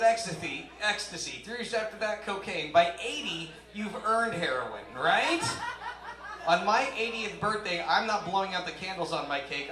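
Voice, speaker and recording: Male stand-up comedian, high-pitched, rambling self-deprecating delivery, stage mic, echoey club. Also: fairly bright tone. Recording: roomy live club sound.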